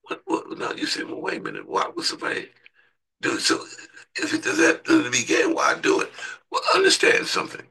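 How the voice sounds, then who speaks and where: A man's voice: a little fast, vocal fry, breathy edge, low-quality recording. A man preaching a sermon in a conversational way, asking his listeners rhetorical questions. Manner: conversational, asks the congregation rhetorical questions, voice jumps high when excited.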